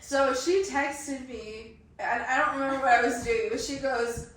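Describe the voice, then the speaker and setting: Young female podcast co-host, high voice, quick laughing quips, echoey distant sound. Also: a bit bright. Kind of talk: casual chat. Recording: echoey room, far from mic.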